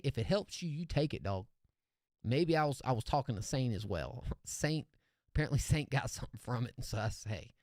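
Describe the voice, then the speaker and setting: Recorded with studio quality and no echo, a man from California with a mid-range voice reacts to songs sent in by listeners. His casual stream commentary is relaxed and slangy, and he addresses people as dog.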